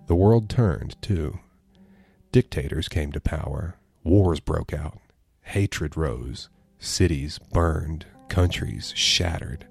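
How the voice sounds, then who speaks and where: A man narrates a dark horror story in a very deep, mellow voice with a somber, measured delivery. Faint guitar music plays softly underneath him. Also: gravelly, breathy edge. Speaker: podcast narrator.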